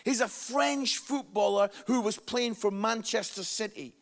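A man's voice: high-pitched, a little slow. A man giving a sermon-style talk as a travelling evangelist, chatty and jokey, often checking in with "yeah?". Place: hall with a live audience.

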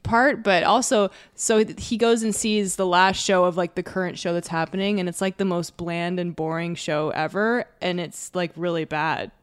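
A woman's voice: lowish voice, fairly even intonation, moderate pace, hardly any pauses, clear, resonant tone. Podcast co-host woman retelling scenes. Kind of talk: casual chat.

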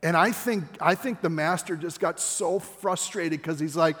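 Impassioned older male preacher, high voice. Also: animated, a little slow, few pauses. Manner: impassioned, rising to near-shouts at key points. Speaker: pastor. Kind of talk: sermon. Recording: long hall reverb with faint music.

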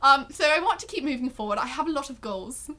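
Woman impersonating an upbeat young male Irish singer, high and bright, with a shaky accent. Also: animated, fast. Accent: attempted Irish. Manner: clumsy accent attempt, giggly.

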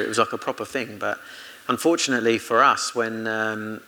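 A man's voice: medium pitch, fairly even intonation, normal speed, pushed and bright, poor audio. A man from Britain, a former motorcycle racer, telling chatty anecdotes in an interview and quoting his own conversations. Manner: chatty anecdotes with laughs and self-quoted dialogue. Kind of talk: casual storytelling interview.

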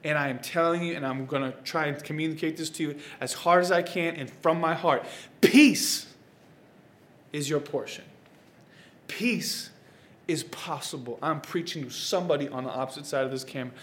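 A young man preaching a sermon, telling a personal story with big swings from hushed to loud. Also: fairly high pitch, steady tone, quick pace, hardly any pauses, slight background noise. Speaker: pastor. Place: church stage or studio, preaching to camera.

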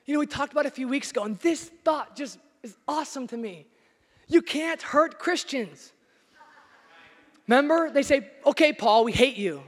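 A man preaching a sermon as pastor in a church, emphatic and at times nearly shouting. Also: very high voice, normal speed. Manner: emphatic, rising to near shouts. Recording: long hall reverb.

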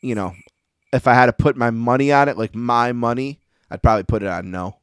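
A man's voice: mid-range voice, fairly quick, clean tone, no room sound, clean studio sound. A man co-hosting a podcast in casual chat, rambling and easygoing with plenty of fillers. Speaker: podcast co-host.

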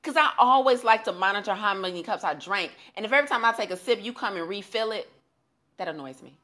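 A woman's voice: mid-range voice, expressive, fast, bright, forceful tone. A woman co-hosting a podcast, chatting casually and laughing often. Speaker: podcast co-host. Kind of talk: casual chat.

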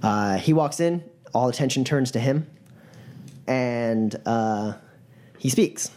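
A game master narrating a tabletop game in a casual, quick manner, with many fillers. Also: mid-range voice, warm tone.

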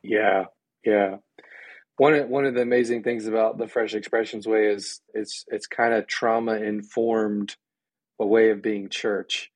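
A man's voice: fairly low pitch, steady tone, measured pace, dry recording. A man being interviewed as a guest on a podcast, speaking with enthusiasm and often acting out the voices of people he quotes. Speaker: podcast guest, church ministry director. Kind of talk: conversational interview.

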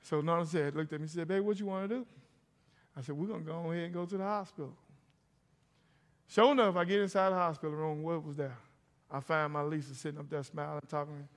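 With a quick pace and fairly even intonation, a middle-aged pastor preaches in a voice on the high side. He tells stories and calls out to the congregation, and the church sanctuary lends a long hall reverb.

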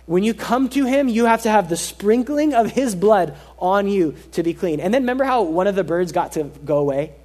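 A man preaching a sermon as pastor, earnest and emphatic, repeating key phrases and dropping his voice soft for stress. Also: high-pitched, lively intonation, a little fast, hardly any pauses.

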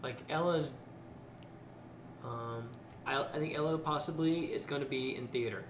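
A man's voice: medium pitch, moderate pace. A man hosting a podcast, chatting casually and a bit rambling. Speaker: podcast host. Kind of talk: casual interview chat. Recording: roomy with audible noise.

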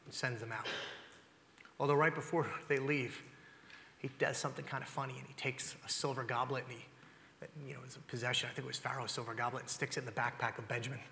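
A man's voice: mid-range voice, fairly even intonation, fast, vocal fry, sharp tone, slight background noise. A male pastor preaching a storytelling sermon, retelling scripture in casual, conversational words. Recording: long hall reverb.

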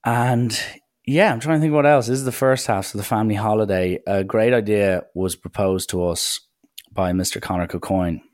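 A young man tells a holiday story in a chatty, animated way and acts out what people said. His voice sits low. The sound is dry and close to the mic. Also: normal speed, no echo. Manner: chatty, animated anecdotes with acted quotes. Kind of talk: casual storytelling.

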